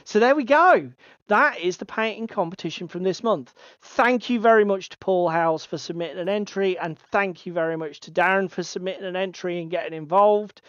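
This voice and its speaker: A man's voice: high-pitched, fairly quick, a bit bright, smooth, no echo. A man hosting a casual hobby podcast, chatty and given to swearing. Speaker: podcast co-host. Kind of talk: casual chat. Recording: slightly dull lo-fi audio.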